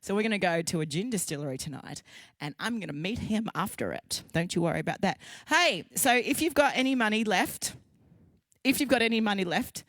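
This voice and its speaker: A woman's voice: medium pitch, animated, brisk, a bit bright, no echo. An Australian woman hosts a live show, bubbly and chatty, teasing herself and getting a little teary. Her mid-range voice sits close and dry on a handheld microphone. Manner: chatty, playful and emotional, jokes at herself. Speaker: host. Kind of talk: live stream show hosting. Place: studio kitchen. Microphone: handheld mic on a lead.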